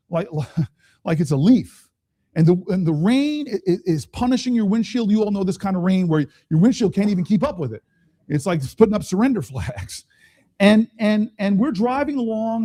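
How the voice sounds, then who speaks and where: A man's voice: sits high, warm tone. A middle-aged man, a politician, telling stories in a speech at a town hall, with quoted voices and chuckles.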